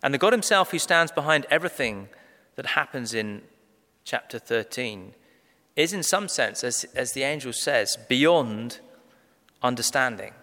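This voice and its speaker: Preacher in a reverberant hall. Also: male voice, mid-range voice, expressive, pushed and bright. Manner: measured, emphatic, slows down on key phrases. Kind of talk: sermon. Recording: long reverb of a large hall.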